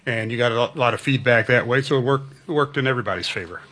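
A man's voice: mid-range voice, racing, fairly bright tone. A man, a newspaper sports writer, chatting on air as a guest in a hesitant way with many fillers. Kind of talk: casual chat on air.

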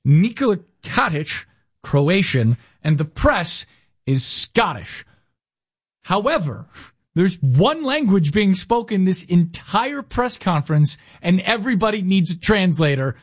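A man's voice: sits high, sing-song, measured pace, slightly rough, dry recording, clean studio sound. A man hosting a casual sports talk show, setting up stories with emphatic, wry banter. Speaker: podcast host.

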